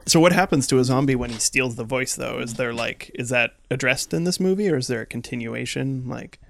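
A man co-hosting a comedy podcast, riffing with rambling, playful deadpan banter into a close mic. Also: medium pitch, fairly quick, creaky, a little hiss or hum.

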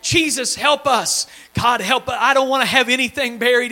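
A man preaching a sermon to his congregation, pleading fervently and swinging between loud cries and hushed, low passages in a folksy style. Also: normal speed, hardly any pauses. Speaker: pastor. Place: church sanctuary before a congregation.

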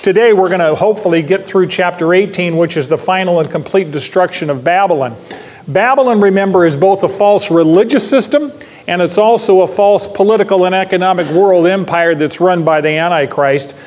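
A man's voice: high-pitched, fairly quick, a little mellow. A male pastor giving an expository Bible teaching, emphatic, repeating key phrases and putting questions to his listeners.

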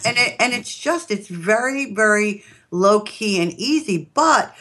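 Rich: An enthusiastic woman with a New York accent, chatting as a podcast guest. Her pitch sits in a middling range. She rambles, stacks up fillers and restarts, and laughs between her thoughts. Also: lively intonation, unhurried, pushed and bright. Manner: enthusiastic, laughs while talking. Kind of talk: casual interview chat.

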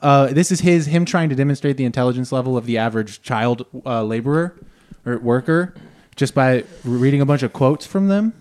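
A man's voice: medium pitch, expressive, fairly quick, a little mellow. A man co-hosting a comedy podcast, talking in a rambling, casual way with lots of fillers. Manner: rambling, full of fillers and laughs. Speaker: podcast co-host.

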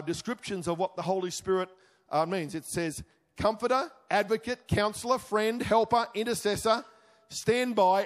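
A man preaching a sermon as pastor, emphatic, rising to exclamations and then dropping low and intimate. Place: church hall. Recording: reverberant church hall.

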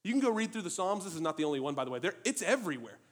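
A man preaching a sermon in an animated, emphatic way, asking many rhetorical questions. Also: high-pitched, racing, breathy edge.

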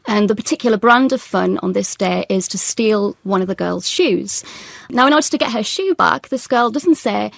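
A woman guest on a radio interview, explaining language in a measured way. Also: medium pitch, animated, gravelly, no echo. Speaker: linguist guest.

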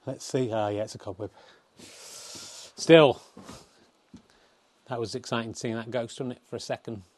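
A man's voice: medium pitch, fairly even intonation, measured pace, a little mellow. A man hosting a comedy stream, rambling and joking at himself, with an English accent. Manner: rambling, playful, self-deprecating. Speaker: host. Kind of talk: comedy livestream commentary.

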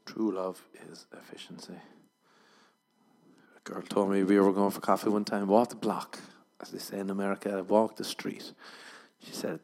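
A man, hosting a podcast and riffing through a deadpan comic monologue that jumps into loud mock voices. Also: deep voice, normal speed, gravelly. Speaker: podcast host.

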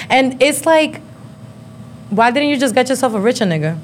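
A woman's voice: sits high, expressive, moderate pace, long pauses. Blunt profane woman host, light noise. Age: 30s. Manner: blunt, profane, laughing storyteller. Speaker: podcast host. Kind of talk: casual live-show chat. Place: live show venue.

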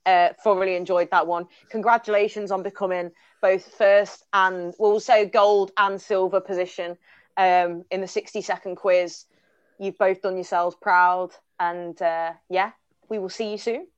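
A woman hosts a podcast, gushing with praise and laughing often. Her voice sits at a middling pitch and sounds dry, close to the mic with no room around it. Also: steady tone, moderate pace, smooth, no echo, dull audio. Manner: effusive, warm praise, frequent laughter. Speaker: podcast host. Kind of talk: casual podcast chat.

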